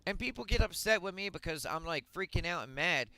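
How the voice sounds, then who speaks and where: A man streaming a game, delivering a blunt, profane rant that swings up to shouting. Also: high voice, very animated, a little fast, hardly any pauses, dry recording, rough recording. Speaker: gaming streamer. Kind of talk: ranting monologue on a livestream.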